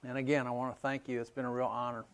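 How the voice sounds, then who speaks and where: A man's voice: mid-range voice, flat delivery, fast talker. A middle-aged man giving a conference talk in a hall, folksy and anecdotal, in a conversational tone. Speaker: conference speaker. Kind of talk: conference lecture with slides.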